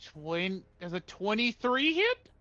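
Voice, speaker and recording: Male player, slightly high voice, muffled dry lo-fi recording, talks through his math. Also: very animated, slow, sharp tone. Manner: thinks aloud over rules and dice math. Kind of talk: tabletop game play.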